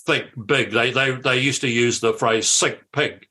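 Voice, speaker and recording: An older man tells stories from his political career as a guest on a radio show. His voice is bright and forceful, and he is lively and quick to restart his sentences. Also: mid-range voice. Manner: lively storyteller, repeats words at starts. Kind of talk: anecdotal interview chat.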